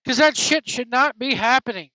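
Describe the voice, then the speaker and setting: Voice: high-pitched, normal speed, pushed and bright, no room sound. A wrestling podcast host on an angry, profane opinion rant, blunt and heated. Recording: dull lo-fi dry recording.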